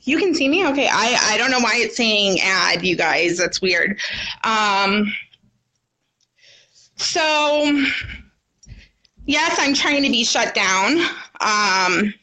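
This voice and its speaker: A woman's voice: mid-range voice, expressive, takes it slowly, pauses often, sharp tone. A woman talking into her phone on a livestream, agitated and defiant, swearing as she tells her own story. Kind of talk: emotional livestream monologue.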